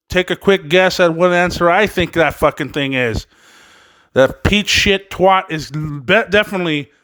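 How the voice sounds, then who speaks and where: A man's voice: high voice, fairly bright tone, clean tone, no room sound. Swearing, ranting podcast host, a man.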